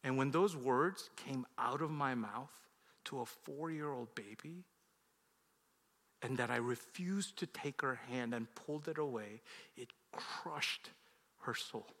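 Bright-voiced man preaching in a reverberant hall. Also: slow pace. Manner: confessional storytelling that swings from loud outbursts to hushed, low lines. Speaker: pastor. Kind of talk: sermon storytelling.

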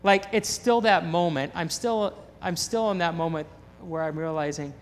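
A man preaching a sermon in a church, animated and excitable, often repeating his words. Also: a little high, moderate pace, a little hiss or hum. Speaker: pastor. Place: church sanctuary. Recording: long hall reverb in a church.

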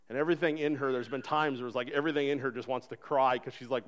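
A man's voice: mid-range voice, steady tone, fast, a bit bright, clear, resonant tone. A man in his thirties preaching a sermon, earnest and conversational, acting out voices in the stories he tells. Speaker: pastor.

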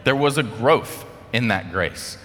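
A man's voice: medium pitch, animated, takes it slowly, a bit bright, in a large hall. An American man giving a casual sermon, telling a story in a chatty way with lots of fillers. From United States. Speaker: speaker.

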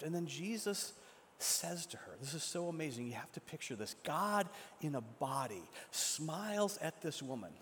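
A male preacher tells the story dramatically, dropping to a hush and then building back up. His voice sits a little high. The sound rings with the long reverb of a large hall. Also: sing-song, normal speed, slight background noise. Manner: dramatic retelling, shifts from loud to hushed. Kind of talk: sermon storytelling.

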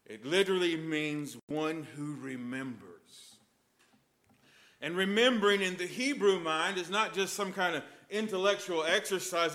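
A male priest preaching a sermon with lively storytelling and emphatic points. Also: sits high, a little slow.

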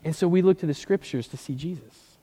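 A man preaching an earnest sermon, dropping to a hushed voice when he tells stories. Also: a little high, fairly quick, big-room sound. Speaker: pastor.

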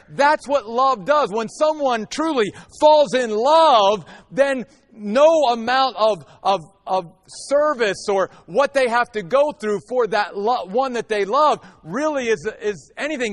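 A man's voice: extremely high pitch, a bit bright. A pastor preaching a sermon to his congregation, earnest and at times emphatic.

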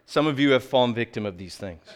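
A middle-aged man preaching a sermon as pastor, earnest, sometimes dropping low and quiet for emphasis, sometimes telling lively stories. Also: fast. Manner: animated storytelling with acted quotes.

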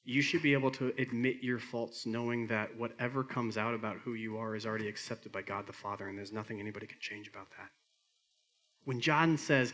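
A middle-aged man delivers a sermon to his church in an earnest pastor's voice. His pitch sits in the middle range. He climbs to emphatic high points and then falls back to quiet, soft lines. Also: fairly even intonation, fairly quick.

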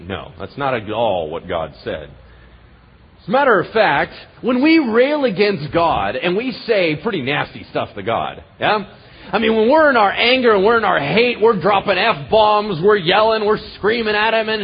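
Pastor, male, high and very husky voice, preaches conversationally with big swings from loud to hushed. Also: sing-song, normal speed, muffled recording. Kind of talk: sermon.

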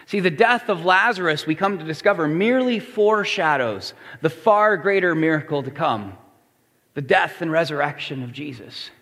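A man preaching a sermon, his voice sitting a little higher than most men's. He swings between hushed asides and loud, shouted climaxes. A long reverb trails behind every phrase, as in a big hall. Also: lively intonation, moderate pace. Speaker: pastor.

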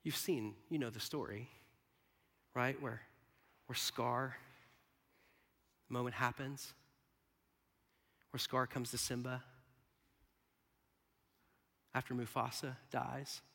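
A man preaching a sermon to a live audience in a large hall. He is animated, swinging from hushed whispers to loud bursts, and laughs often. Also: medium pitch, slow, gravelly, pauses often.

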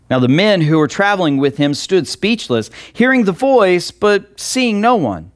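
Male pastor preaching to people watching online, kinda high voice, takes it slow, leans hard on single words. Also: big pitch swings. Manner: earnest, emphatic, repeats key words with long pauses; asks listeners direct questions. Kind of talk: online sermon.

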